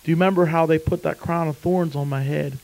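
A man preacher voicing Jesus, calm and earnest, speaking low and hushed. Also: fast talker, close to an everyday voice, low-quality recording. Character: Jesus, pleading calmly before a judge, male.

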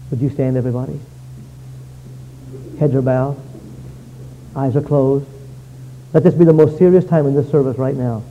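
A man preaching an evangelistic sermon, telling a story and swinging from hushed to loud. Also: mid-range voice, steady tone, moderate pace, pauses often, phone-quality sound, a little hiss or hum.

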